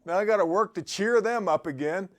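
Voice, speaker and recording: A man's voice: sits high, a little fast. A man giving an upbeat motivational talk who exhorts his listeners and often laughs. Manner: quotes scripture. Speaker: motivational speaker.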